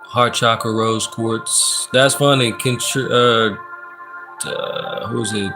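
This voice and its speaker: A man doing a casual live-stream tarot reading, laid-back and slangy, reading out the chat and giving shout-outs. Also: mid-range voice, steady tone, slow pace. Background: background music.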